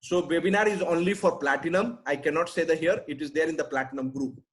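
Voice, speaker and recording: A man's voice: fairly high pitch, fast, poor audio. A man answering questions in a webinar, blunt and emphatic, often ending with "right?". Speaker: sales trainer answering questions.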